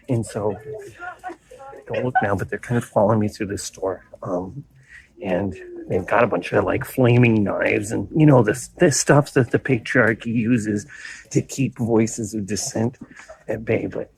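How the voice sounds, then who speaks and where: Deadpan man with faint hiss behind. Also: on the low side, low-quality recording. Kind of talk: comedic rant.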